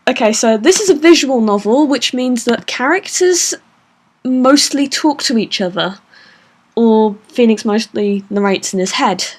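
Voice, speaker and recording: Hosting a let's play, a woman with a fairly high, expressive voice chats casually and unhurriedly while reading the game aloud. She laughs easily and uses hesitant fillers, with game music playing under her voice.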